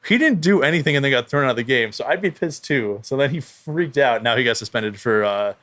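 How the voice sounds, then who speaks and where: A man on a sports podcast, retelling a baseball brawl in a heated, rapid, swearing manner. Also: mid-range voice, lively intonation, fairly bright tone. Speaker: podcast co-host. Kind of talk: casual sports chat.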